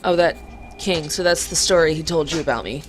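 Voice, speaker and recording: A woman voicing a calm ominous forest spirit. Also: low voice, a little fast, soft background music, lightly acted. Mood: reproachful.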